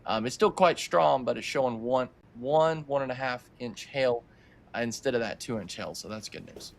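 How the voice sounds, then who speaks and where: A man co-hosting a live weather stream, giving relaxed, plain updates on new storm warnings. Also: medium pitch, normal speed, vocal fry.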